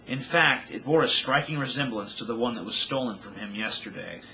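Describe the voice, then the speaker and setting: A man's voice: mid-range voice, brisk, creaky, sharp tone, slight background noise, rough recording. A man reading his own novel aloud with dramatic storytelling narration.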